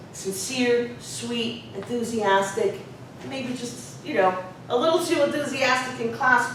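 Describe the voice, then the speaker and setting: A woman who is a professor, telling a personal story in a conversational, reflective way. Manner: conversational, reflective, lots of "you know". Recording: very echoey room, distant mic, faint rumble.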